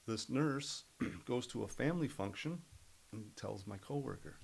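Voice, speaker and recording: A middle-aged man, a podcast guest, telling stories in an earnest, animated way. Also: medium pitch, unhurried, vocal fry, slight background noise, rough recording. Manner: earnest, animated storyteller who acts out other people's voices. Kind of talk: casual storytelling interview.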